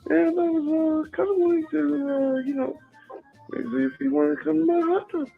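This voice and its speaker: A man voicing a creepy caller in a halting, hesitant way, full of filler words, as if leaving a voicemail. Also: very high voice, steady tone, creaky, faint music behind, voice pushed up, exaggerated voice. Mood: sleazy. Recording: tinny phone line.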